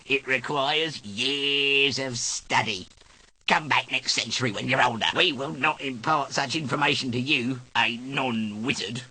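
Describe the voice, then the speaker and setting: An actor playing the pompous, condescending leader of a circle of wizards. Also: male voice, mid-range voice, measured pace, pushed and bright, husky, full character voice.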